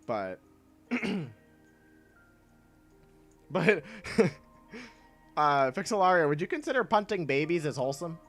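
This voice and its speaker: A man streaming a game, chatting casually with his viewers in a laid-back, rambling way and laughing often, with soft music playing behind him. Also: fairly high pitch, sing-song, slow, pauses often. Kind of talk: casual chat while gaming. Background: soft chill music.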